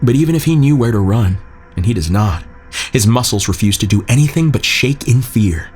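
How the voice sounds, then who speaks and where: A man narrating a scripted horror story in a measured, tense way. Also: medium pitch, lively intonation, a little mellow, soft background music.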